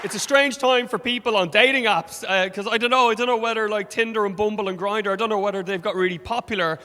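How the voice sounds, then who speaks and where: A young Irish man with an Irish accent does sardonic, swear-heavy stand-up in a club, talking fast in a voice that sits high. Hall reverb from the stage mixes with a background crowd and other noise.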